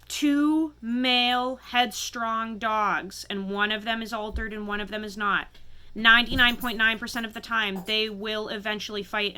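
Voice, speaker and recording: A woman telling a painful personal story to camera, halting and emotional, often stopping to steady herself. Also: medium pitch, clean tone. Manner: halting, emotional, many restarts and pauses. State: fighting back tears. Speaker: vlogger.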